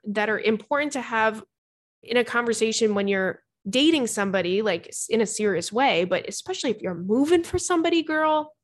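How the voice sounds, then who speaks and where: A young woman hosting a podcast from her home, chatting frankly and casually about dating, swearing freely and calling her listeners "girl.". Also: mid-range voice. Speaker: podcast host. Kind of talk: casual advice chat reading listener messages. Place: home bedroom with cats.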